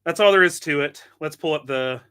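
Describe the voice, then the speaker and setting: Host, male, tinkering on camera, bright tense voice; loose, self-mocking chatter. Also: on the high side, a little fast, clear, resonant tone. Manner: chatty, self-deprecating, thinks aloud while tinkering. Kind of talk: casual live product demo.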